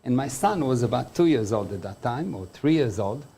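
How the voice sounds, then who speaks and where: A man speaks as a motivational speaker in a mellow, dark-toned voice. His pitch sits in the ordinary middle range. He defines terms one by one and sometimes acts out little scenes to make his point. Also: expressive, moderate pace, breathy edge. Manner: explains terms by defining them, with everyday examples. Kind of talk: motivational talk.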